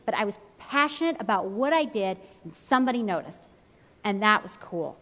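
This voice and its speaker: A woman in her thirties gives a motivational talk as a fitness trainer, with a voice of ordinary pitch for a woman. She tells her stories with lively energy and acts out quotes from the people in them. Her voice rings with the long reverb of a large hall. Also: normal speed. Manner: animated storyteller, acts out quotes.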